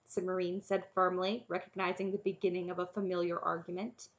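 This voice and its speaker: A woman narrating a children's fantasy novel in an even, clear reading voice. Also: on the low side, brisk, hardly any pauses, muffled recording. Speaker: audiobook narrator. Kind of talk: storybook narration.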